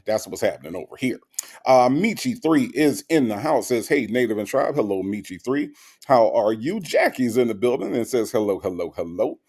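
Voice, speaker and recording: Gravelly animated livestream host man. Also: on the low side. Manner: animated, repeats phrases for effect. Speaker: livestream talk show host. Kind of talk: casual chat, reading out viewer comments.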